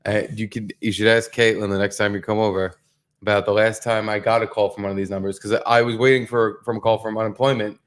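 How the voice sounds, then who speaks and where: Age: adult. Sex: man. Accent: New York. Style: profane, animated co-host chat. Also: lowish voice, fast. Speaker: podcast co-host. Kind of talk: casual comedic chat. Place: live venue.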